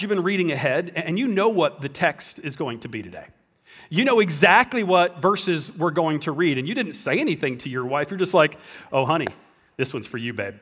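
A man's voice: sits high, fairly bright tone. A man preaching a sermon as pastor, telling a story with jokes and restarting his sentences often. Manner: storytelling, joking, many restarts.

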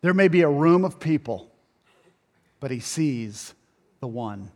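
A male pastor preaching a sermon, swinging between loud emphasis and quiet, hushed passages. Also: on the high side, animated, a little slow, long reverb tail.

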